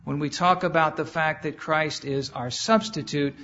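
A man preaching a sermon as a guest speaker, earnest and plain-spoken, pausing now and then to sort out his slides. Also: on the high side, fairly even intonation, bright, forceful tone. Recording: dull lo-fi sound with faint background noise.

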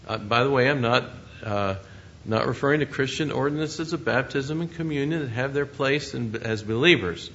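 A man's voice: medium pitch, normal speed, fairly bright tone. Earnest preacher man, muffled recording. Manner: earnest, conversational preaching with rhetorical questions. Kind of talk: sermon.

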